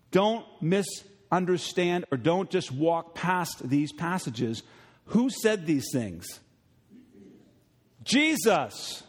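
A middle-aged man preaches to his congregation with a somewhat high voice. He swings between emphatic, raised passages and hushed, low ones, and puts on voices as he retells a story. His words ring with the long reverb of a church sanctuary. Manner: preaching to a congregation, rising emphatically then dropping low and quiet; acts out voices in retold stories. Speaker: pastor. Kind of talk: sermon.

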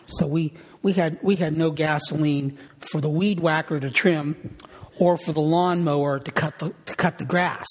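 A middle-aged male pastor gives a sermon with earnest, repetitive storytelling. His voice sits a little high and is gravelly and husky. The sound rings with a long hall reverb.

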